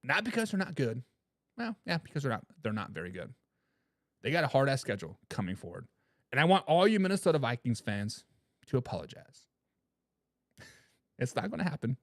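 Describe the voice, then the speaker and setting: Man, sports talk host, mocking rant, reads chat comments, lively swooping pitch, dry room. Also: dry recording. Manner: mocking, trash-talking, repeats words when fired up. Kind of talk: ranting sports commentary while reading live chat comments.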